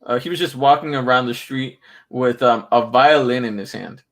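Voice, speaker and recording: A man's voice: medium pitch, moderate pace, fairly bright tone. A man hosting a casual podcast, rambling in a laid-back way and swearing freely.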